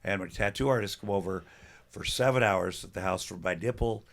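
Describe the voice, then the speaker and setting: A man's voice: deep voice, a little fast, vocal fry. An older man, a podcast guest, telling rambling self-deprecating stories with salty language in casual comedic chat.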